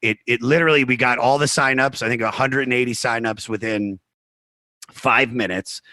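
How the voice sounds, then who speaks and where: Bright-voiced comedian telling stories. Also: male voice, mid-range voice, no room sound. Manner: animated, fast anecdotes full of "like" and "you know"; acts out other people's remarks in his retelling. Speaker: comedian guest on a podcast. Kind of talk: casual storytelling in conversation.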